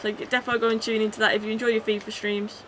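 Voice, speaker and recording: Her fairly high voice racing along, a gaming streamer plays a football video game live, shouting at the action before chatting easily with viewers and reading chat. A little hiss or hum sits under the recording.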